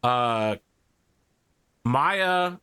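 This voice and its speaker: A man's voice: medium pitch, animated, extremely slow, pushed and bright, clean tone. A man running a tabletop game as game master, describing scenes loosely with many fillers.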